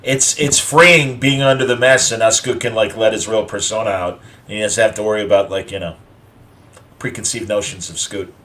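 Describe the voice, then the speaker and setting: A man's voice: on the low side, fairly even intonation, moderate pace, bright, forceful tone. A man in his fifties hosting a casual chat, who rambles, stammers and acts out voices in his stories. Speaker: host.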